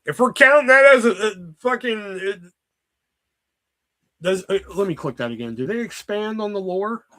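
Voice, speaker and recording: A man's voice: high-pitched, lively intonation, normal speed, sharp tone. A man streaming live, rambling in a casual, exasperated rant full of swearing. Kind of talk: casual profane livestream rant.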